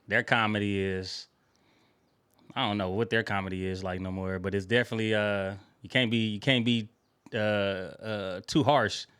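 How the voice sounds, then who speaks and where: A young man in a casual podcast chat, easygoing and quick to laugh. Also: lowish voice, fairly even intonation, fairly bright tone, clear, resonant tone. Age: young adult.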